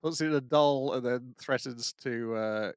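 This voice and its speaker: Halting male podcaster, dry sound. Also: medium pitch, clear, resonant tone, dry recording. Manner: halting, many fillers. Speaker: podcast co-host. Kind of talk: casual plot recap.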